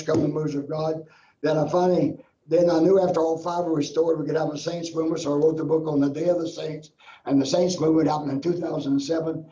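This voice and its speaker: A man's voice: on the high side, dark tone. An older man, a guest minister, tells a personal testimony in an earnest, repetitive preacher's cadence. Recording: roomy, dull lo-fi sound.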